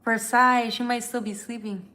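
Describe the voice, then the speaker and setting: A woman's voice: a little high, steady tone, moderate pace, bright, forceful tone. A tired woman who reads tarot, chatting candidly and emotionally with viewers on a livestream, swearing casually. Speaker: tarot reader.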